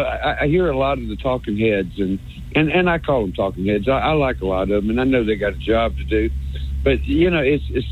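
A man's voice: mid-range voice, slightly rough. A man calling in to a sports radio show, ranting sarcastically and stammering over repeated words. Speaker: caller. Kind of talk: rambling call-in rant. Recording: phone line.

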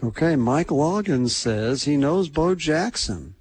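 A man's voice: fairly high pitch, lively intonation, slow, darkish tone, husky, poor audio. A man co-hosting casual sports talk radio, musing aloud in easy conversation. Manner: conversational, musing over numbers and guests.

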